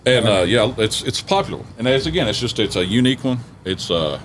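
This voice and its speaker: A man's voice: mid-range voice, big pitch swings, brisk, fairly bright tone. A man grilling outdoors, casually explaining his sauces and cooking. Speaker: pitmaster guest. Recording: outdoor noise in background.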